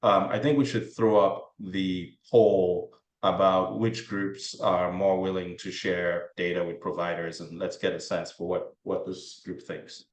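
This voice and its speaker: A man's voice: sits low, steady tone, a little slow. A man moderating a panel discussion, speaking conversationally with a wry touch. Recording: roomy echo.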